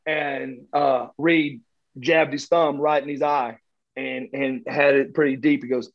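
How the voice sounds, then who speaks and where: A man telling long, rambling anecdotes as a guest, halting with many fillers and restarts. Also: mid-range voice, steady tone, dull audio.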